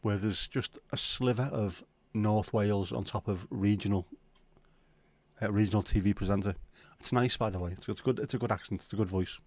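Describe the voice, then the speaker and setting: A man's voice: fairly low pitch, steady tone, fairly quick, a little mellow. Blunt, sweary Scouse man chatting. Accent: Liverpool. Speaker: livestream host. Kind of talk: casual chat reading viewer comments.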